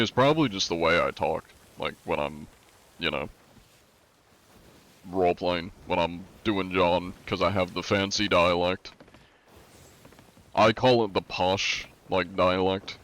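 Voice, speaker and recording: A man with a very deep, low voice talks casually to his live-stream chat. He rambles through wry, joking answers and banters with his viewers. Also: a bit bright. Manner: says he is often compared to a deep-voiced narrator.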